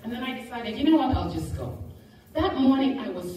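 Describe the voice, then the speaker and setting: A woman's voice: on the high side, a little fast. A woman giving a motivational talk to a live audience, telling a personal story with laughter and acted-out quotes. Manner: animated, laughing, acts out quoted voices. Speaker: motivational speaker. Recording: echoey room, mic far off, faint noise.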